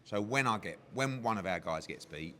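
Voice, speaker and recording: A man who works as a boxing promoter, talking candidly in a casual interview, animated and swearing freely as he tells stories. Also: on the low side, normal speed, a little hiss or hum. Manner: animated, heavy swearing, emotional storytelling.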